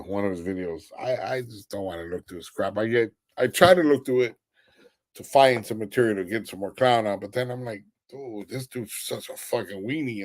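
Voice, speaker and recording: A tired young man hosting a casual live stream. He mocks someone crudely, laughs often and reads viewer comments aloud. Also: on the low side. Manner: crude, mocking trash talk, often laughing. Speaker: livestream host. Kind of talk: casual livestream chat.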